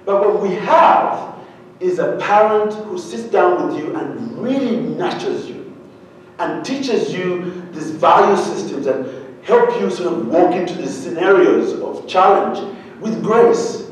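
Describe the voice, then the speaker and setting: A man from Uganda telling a humorous, animated story to an audience, often asking them questions. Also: high voice, takes it slowly, slight background noise. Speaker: speaker. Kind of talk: storytelling keynote talk. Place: large hall with an audience. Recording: very echoey hall, heard from a distance.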